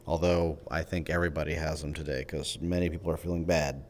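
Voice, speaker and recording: A man's voice: rumbling low, level tone, quick pace, a little hiss or hum. A man streaming while in virtual reality, chatting casually and rambling as he greets his viewers one by one. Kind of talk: casual live-stream chat.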